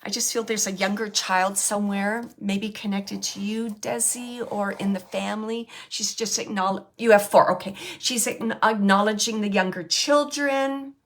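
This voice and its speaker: A woman medium giving a gentle live reading, passing on messages from a spirit in the first person. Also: medium pitch, steady tone, normal speed, hardly any pauses.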